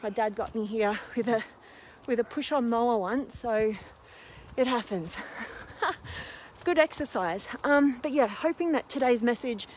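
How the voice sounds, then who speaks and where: A woman with a high, bright-pitched voice chats on a phone camera while hiking a steep, windy hill, a little out of breath. She is bubbly and warm-sounding in her enthusiasm, reading viewers' names with plenty of ums. Faint outdoor noise sits behind her. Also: measured pace. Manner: bubbly, reading out viewer comments with lots of fillers. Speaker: host of a live stream. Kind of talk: casual live-stream chat while exercising outdoors. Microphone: phone camera held while walking.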